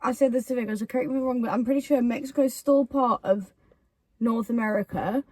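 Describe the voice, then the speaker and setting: Chatty young woman, high voice. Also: fast talker. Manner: animated, quotes friend in put-on voices. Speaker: YouTuber co-host. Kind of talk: casual chat, storytelling.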